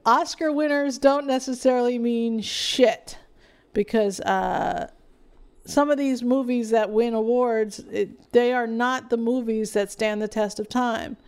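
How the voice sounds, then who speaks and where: A woman's voice: on the high side, steady tone, a little slow, clean tone. A woman co-hosting a casual film podcast, rambling through award lists with lots of fillers. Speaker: podcast co-host. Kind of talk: casual film review chat.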